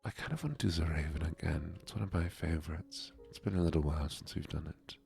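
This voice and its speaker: A man with a put-on German accent in a soft-spoken ASMR stream, greeting viewers and reading poetry in a hushed whisper. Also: very deep voice, fast, gravelly, faint music behind.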